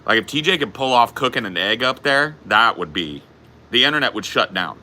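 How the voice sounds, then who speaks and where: A man's voice: mid-range voice, expressive, a little fast, sharp tone, a little hiss or hum. A man hosting a casual podcast chat, crude and laid-back, calling people bro. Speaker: podcast host.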